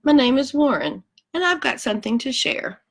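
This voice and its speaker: A woman's voice: high-pitched, expressive, normal speed, creaky, pitched above the performer's own voice, full character voice. A woman reading aloud, voicing an indignant male koala with an Australian accent.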